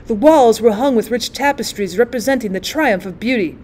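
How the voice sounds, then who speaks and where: Expressive woman reading a classic tale. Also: on the high side, fairly quick, slight background noise. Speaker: teacher and narrator. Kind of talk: audiobook reading of a classic story.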